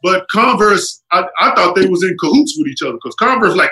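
A middle-aged man telling stories in a casual chat, animated and acting out what others said. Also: brisk, hardly any pauses, low-quality recording. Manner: animated, acts out quotes with jumps in pitch. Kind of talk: casual storytelling.

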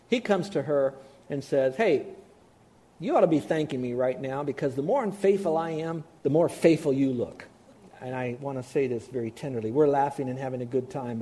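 Animated preaching man, mellow tone. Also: on the high side. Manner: animated preaching with acted-out voices. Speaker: Bible teacher. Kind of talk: radio sermon.

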